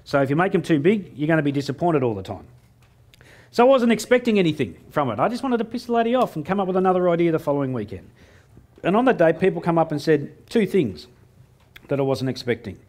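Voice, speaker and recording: A middle-aged Australian man on stage as a motivational speaker, his fairly high voice swinging widely in pitch. He tells cheeky stories with a jokey punchline rhythm and acts out the dialogue himself. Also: a little mellow. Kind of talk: keynote speech to a live audience.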